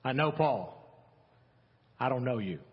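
Male pastor, husky, fervent sermon delivery, long church reverb. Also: expressive, measured pace, muffled recording. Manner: builds to fervent rising climaxes, then drops low and quiet. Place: church sanctuary.

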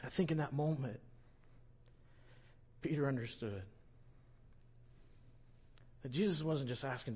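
A man's voice: mid-range voice, a little slow, long pauses, breathy edge, lo-fi sound. Joking, conversational man preaching a sermon. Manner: conversational, joking, animated storytelling. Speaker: pastor.

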